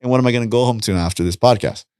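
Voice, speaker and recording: A man's voice: mid-range voice, racing, clean tone, no room sound, studio quality. A middle-aged man chatting as a podcast guest, telling stories with lots of energy and acting out the dialogue. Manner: animated storytelling, acts out dialogue. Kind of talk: casual chat.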